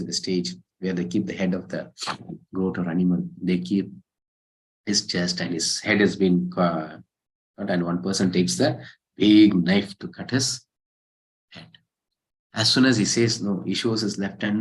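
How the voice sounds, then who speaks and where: A man teaching a scripture class, telling a parable with lively rhetorical questions. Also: deep voice, moderate pace, low-quality recording. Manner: animated storytelling, rhetorical questions. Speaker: spiritual teacher.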